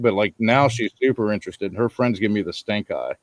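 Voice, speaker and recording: Deep-voiced guy in his 30s telling a story, laid back, dry close sound. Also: moderate pace, long pauses, dry recording. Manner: laid-back rambling storyteller, frequent ums. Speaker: podcast host. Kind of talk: casual chat, storytelling.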